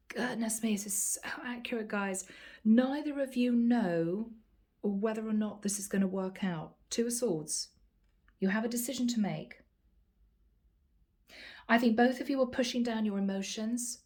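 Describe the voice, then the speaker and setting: A woman's voice: fairly high pitch, a little mellow. A woman reading tarot cards to camera, earnest and speaking straight to her viewers. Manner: earnest, addresses viewers as guys. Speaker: tarot card reader.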